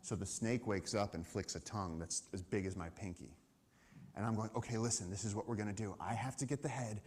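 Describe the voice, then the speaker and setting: A man with a lowish voice tells a story on a live event stage. He talks in a lively, animated way and acts out what people said. He speaks into a stage microphone. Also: a little fast, breathy edge. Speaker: conservation speaker.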